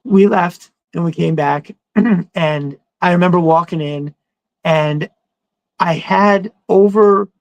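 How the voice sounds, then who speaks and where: A middle-aged man hosts a podcast, spinning a casual story with plenty of swearing and animated, high-pitched quotes. His voice is slightly high with a gravelly fry, and the recording is dry and close. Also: takes it slowly, no room sound, low-quality recording. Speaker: podcast host.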